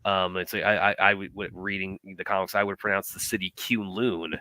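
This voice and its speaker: A man with a very low voice talks fast and bright, tripping over restarts and fillers. He is chatting casually on a podcast panel, and the sound is dry and close. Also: flat delivery, clean tone, dry recording. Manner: quick, with many restarts and fillers.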